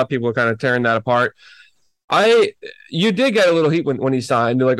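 A man's voice: medium pitch, expressive, a little fast, dry recording. A man hosting sports talk, laying out the news in a conversational way and putting probing questions to his co-host. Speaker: hockey podcast host.

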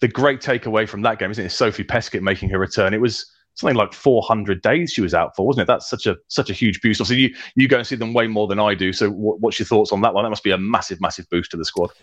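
A man co-hosting a casual podcast, rattling along quickly and stumbling over repeated words. His voice sits fairly low. The recording is dry and close. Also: no room sound. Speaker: podcast co-host. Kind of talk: casual live podcast chat.

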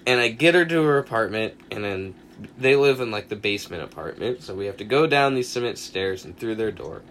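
A man's voice: fairly low pitch, brisk, a little hiss or hum. A young man co-hosting a podcast, telling a long story in casual chat, acting out the quoted lines and swearing freely. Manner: animated anecdote teller, acts out quotes, swears often. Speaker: podcast co-host.

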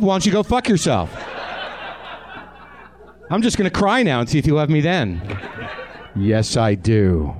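A man's voice: on the high side, very animated, measured pace, pauses often, a little mellow. Profane, riffing male comedy host. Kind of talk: live stand-up banter with audience. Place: theatre stage before a live audience.

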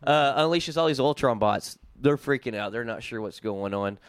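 A man's voice: medium pitch, animated, moderate pace, no echo. A young man with a Southern US accent, telling a story animatedly as a podcast co-host and laughing often. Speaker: podcast co-host recapping comics. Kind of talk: casual chat.

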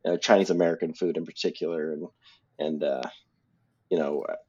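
A man's voice: rumbling low, steady tone, fairly quick, a little mellow, breathy edge. A man co-hosting a podcast, chatting casually about films in a rambling way with many fillers. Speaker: podcast co-host. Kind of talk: casual film discussion. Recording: dull lo-fi audio.

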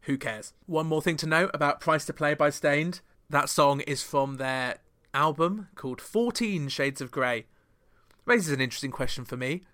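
A man's voice: a little high, pushed and bright. A man hosting a podcast chart countdown, chatting through the songs with wry, joking asides. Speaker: podcast host.

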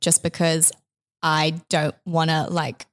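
A woman's voice: deep voice, completely flat delivery, slow. A woman co-hosting a podcast in casual chat, talking freely with lots of fillers and the odd swear word. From immigrant living in Australia. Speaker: podcast co-host.

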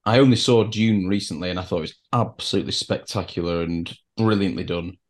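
A man hosting a podcast, speaking in a measured, deliberate way. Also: sits low. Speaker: podcast host. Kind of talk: casual chat.

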